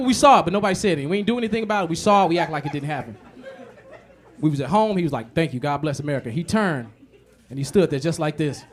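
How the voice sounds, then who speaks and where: High-voiced man doing profane stand-up. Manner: animated, profane storytelling with many repetitions; mixes low, muttered asides with loud punchlines. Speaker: stand-up comedian. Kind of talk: stand-up comedy set.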